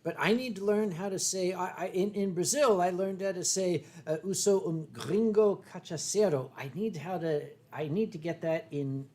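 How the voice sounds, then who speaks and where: An older man hosts a casual livestream, reading viewer comments aloud. He talks in a rambling, self-deprecating way, with plenty of stammered restarts, and his voice sits notably high for a man. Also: moderate pace, hardly any pauses, a little mellow. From United States. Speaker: livestream host.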